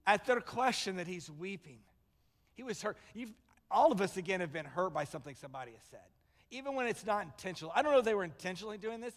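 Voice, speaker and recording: Fairly quick and high in pitch, a man preaches a sermon as a pastor, animatedly narrating stories and acting out the voices within them. Long hall reverb marks the church sanctuary recording.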